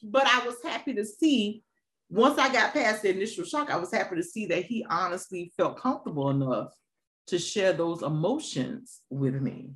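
A woman hosting a casual conversation, expressive and quick to laugh. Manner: animated, laughs easily, expressive pitch swings. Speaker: host.

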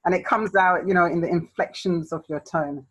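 A woman's voice: on the low side, fairly even intonation, normal speed, slightly rough, low-quality recording. A woman hosting a podcast interview, chatty and rambling, laughing a lot. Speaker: podcast host. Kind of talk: casual interview chat.

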